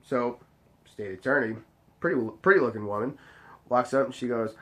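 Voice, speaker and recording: A man hosting a storytelling vlog, animated and full of swearing. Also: mid-range voice, moderate pace. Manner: profane, animated, mock-weary. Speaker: host.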